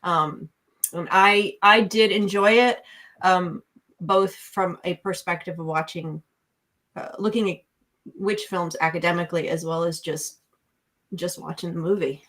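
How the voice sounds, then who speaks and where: A woman's voice: fairly low pitch, fairly even intonation, a little slow, fairly bright tone. A woman from New York, co-hosting a casual podcast and analyzing a film in an opinionated way. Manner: opinionated, analytical, frequent restarts. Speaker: podcast co-host, film reviewer. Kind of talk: casual chat.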